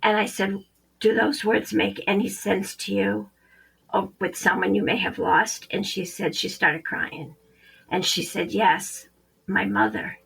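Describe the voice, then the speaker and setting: A woman's voice: mid-range voice, little pitch movement, a little slow, vocal fry, fairly bright tone, breathy edge, poor audio. A woman psychic medium, a podcast guest, telling a story animatedly and acting out the quoted dialogue.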